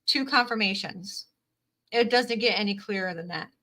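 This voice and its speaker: A woman's voice: mid-range voice, moderate pace, sharp tone. A woman reading tarot on a live stream, who repeats her phrases and reads viewers' comments aloud. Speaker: tarot reader.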